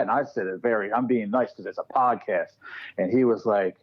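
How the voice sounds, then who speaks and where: A man's voice: on the low side, a little fast, dull audio. A man telling a ghost story in casual podcast chat, acting out what people said. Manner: animated storyteller acting out quotes. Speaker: guest paranormal researcher.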